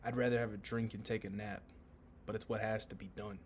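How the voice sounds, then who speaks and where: A man voicing a gruff, unbothered warrior king. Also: on the low side, little pitch movement, a little fast, a little hiss or hum, natural voice. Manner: blunt, profane, laid-back.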